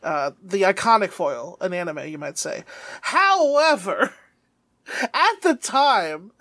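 A woman's voice: medium pitch, big pitch swings, slow, fairly bright tone, no echo. A woman co-hosting a podcast in casual, swearing, laughing chat. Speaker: podcast co-host. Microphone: podcast mic.

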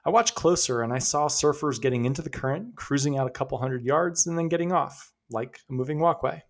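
A man's voice: mid-range voice, animated, a little fast, hardly any pauses. A man hosting a podcast, telling stories in a conversational, upbeat way. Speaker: podcast host. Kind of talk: scripted podcast narration.

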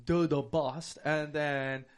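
A man with a somewhat high voice hosts a casual podcast. He rambles through explanations and swears freely, keeping the banter crude and relaxed. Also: slow pace, over a noisy crowd. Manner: loose, profane, rambling explanations. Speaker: podcast host.

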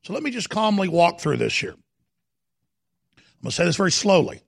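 A man hosting a studio talk show, giving heated political commentary in an emphatic, dramatic way, slowing down to stress points and at times rising to a shout. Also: high voice, very animated, dry recording. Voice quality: gravelly. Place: broadcast studio.

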